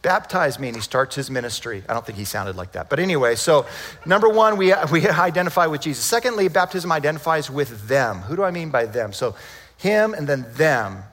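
Chatty, animated male preacher, slightly high voice, big echoing hall. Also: a little fast. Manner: animated, conversational, rhetorical questions. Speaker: pastor. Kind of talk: sermon.

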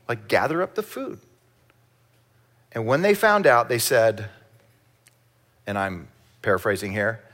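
A man preaching a sermon, reading scripture slowly and acting out the disciples' voices in lively asides, having the congregation repeat lines. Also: lowish voice. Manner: animated, acts out voices in Bible stories. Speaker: pastor.

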